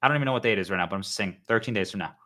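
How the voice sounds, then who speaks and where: A man's voice: on the low side, racing, pushed and bright. A man talking earnestly to his viewers in a rambling monologue, often calling them guys. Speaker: spiritual vlogger.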